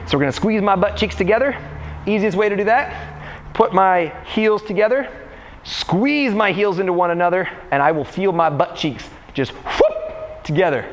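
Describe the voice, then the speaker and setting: A young man coaching warm-up exercises in a casual, joking way while demonstrating the moves. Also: a little high, a little hiss or hum. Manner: playful, jokey, talks while exercising. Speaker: freerunning coach.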